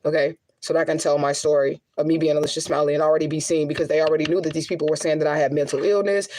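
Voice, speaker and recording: A woman's voice: low voice, fairly even intonation, very fast, darkish tone, rough recording. A middle-aged woman and spiritual medium, talking straight to her viewers in a raw, rambling, profane vlog monologue. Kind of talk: emotional direct-to-camera monologue.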